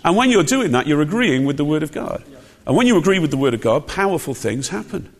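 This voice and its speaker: A man's voice: on the high side, big pitch swings, fast. A man preaching a sermon, emphatic and conversational, with frequent rhetorical questions. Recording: long hall reverb.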